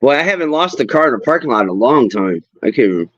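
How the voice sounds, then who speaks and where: Animated swearing man telling stories. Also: mid-range voice, rapid-fire, no room sound. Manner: animated storyteller, swears freely, acts out voices. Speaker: host. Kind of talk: casual chat while fishing. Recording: dull lo-fi sound.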